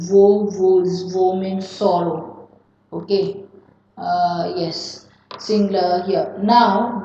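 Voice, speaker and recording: A woman with an Indian English accent teaching a grammar lesson, repeating each word pair slowly and telling students to be careful. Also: mid-range voice, a little mellow. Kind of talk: classroom grammar lecture. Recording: echoey room, distant mic, dull lo-fi sound.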